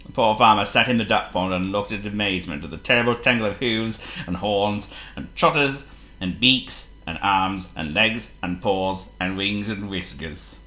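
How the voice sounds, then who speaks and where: A man reading a children's story aloud in an expressive, playful way. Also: fairly low pitch, moderate pace, roomy sound. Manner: expressive and playful, laughs as he reads.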